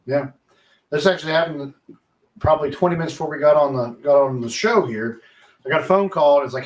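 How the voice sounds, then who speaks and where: A man in his thirties co-hosting a casual podcast, telling a story in an animated way and acting out the quotes. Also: fairly high pitch, fairly quick, distant mic. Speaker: podcast co-host. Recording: echoey, a bit off-mic.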